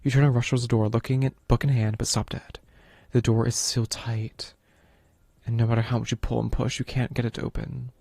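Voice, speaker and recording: A man's voice: medium pitch, level tone, a little fast, vocal fry, mellow, slightly rough, no echo. A man streaming a visual novel, reading its narration aloud and breaking off to comment on the game. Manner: reads narration, breaks off to chat about the game.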